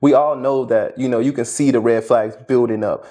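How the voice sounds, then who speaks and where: A man's voice: mid-range voice, fairly even intonation, moderate pace, dark tone. Man reflecting as a podcast co-host. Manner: reflective, talks from personal experience. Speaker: co-host reacting to a story. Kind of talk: casual commentary.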